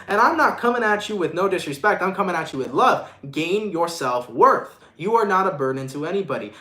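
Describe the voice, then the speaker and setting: A man's voice: sits high, pushed and bright, echoey room. A man giving a casual live-streamed tarot reading, emphatic and profane, speaking with love to viewers. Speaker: tarot reader.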